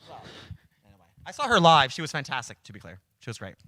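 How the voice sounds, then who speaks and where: Animated man telling stories with voices. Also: mid-range voice, quick pace, no echo. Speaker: guest, karaoke host and cabaret producer. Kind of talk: casual storytelling chat.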